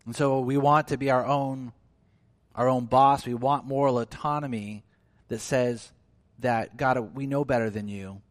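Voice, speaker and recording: Animated preacher man, dry sound. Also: a little slow, dry recording. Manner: animated, acts out quoted voices with big swings in pitch and loudness. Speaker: pastor. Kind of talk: sermon.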